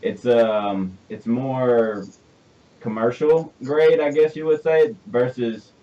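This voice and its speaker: A man from Alabama with a Southern accent, hosting a radio interview in a rambling, excitable, laughing way. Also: medium pitch, slow pace, recorded from a distance, lo-fi sound. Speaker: radio show host. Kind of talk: casual interview chat.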